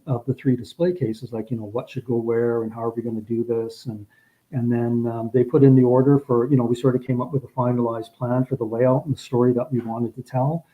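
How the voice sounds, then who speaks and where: A man casually recounting a personal story, rambling with frequent restarts and growing emotional as he remembers. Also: medium pitch. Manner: rambling, repeats words and restarts often; gets emotional recalling the story. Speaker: guest. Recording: dull lo-fi audio.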